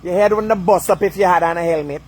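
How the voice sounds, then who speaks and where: Man, fairly high voice, agitated swearing rant, faint traffic behind. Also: fast. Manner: repeats "you understand?", swears constantly, loud and agitated. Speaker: vlogger. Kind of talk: heated profane rant.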